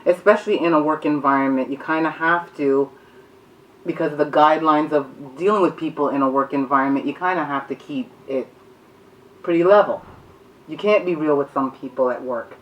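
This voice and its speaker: A woman's voice: low-pitched, fairly quick, recorded from a distance, highs cut off. Frank, chatty woman co-host. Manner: frank, chatty, laughs often. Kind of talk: casual talk show chat.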